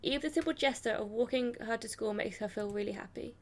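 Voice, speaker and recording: A woman's voice: fairly high pitch, fast talker. A young woman playing a video game, reading its story text aloud in first person with dramatic expression and swearing reactions. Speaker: gaming YouTuber.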